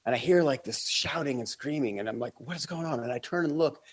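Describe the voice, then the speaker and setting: A man in mid-range pitch spins a travel yarn on a podcast, loose and rambling, with plenty of ums and little acted-out quotes. The delivery is relaxed and conversational. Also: a little fast. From Australia. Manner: rambling anecdotal telling with fillers and acted-out quotes. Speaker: podcast guest. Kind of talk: casual storytelling.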